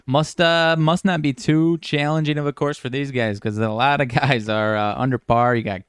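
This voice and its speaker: A man's voice: mid-range voice, fairly even intonation, normal speed, clear, resonant tone, no room sound, studio quality. A man co-hosting a sports betting talk show, easygoing and chatty as he runs through odds. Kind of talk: casual chat.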